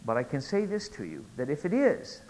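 A middle-aged man preaching a sermon, telling a joke story and rising to loud, emphatic peaks. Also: on the high side, huge pitch swings, brisk, a little hiss or hum, poor audio. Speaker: pastor.

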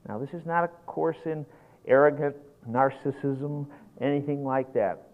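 A man preaching a sermon in an animated, folksy way, getting worked up as he goes. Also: medium pitch, unhurried. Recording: tinny lo-fi phone-like recording.

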